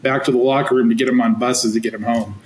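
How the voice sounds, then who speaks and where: A man in his forties, a teacher and coach, telling stories in an animated, chatty way with lots of fillers. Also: mid-range voice, fast talker. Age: 40s. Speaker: teacher and football coach, guest. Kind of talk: casual storytelling interview. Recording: roomy echo, faint noise.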